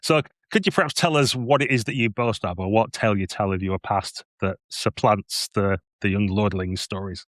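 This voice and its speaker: Low-voiced male game master. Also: normal speed, hardly any pauses, no echo, clean studio sound. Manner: playful, descriptive, with hesitant restarts. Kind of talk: narrating a tabletop game.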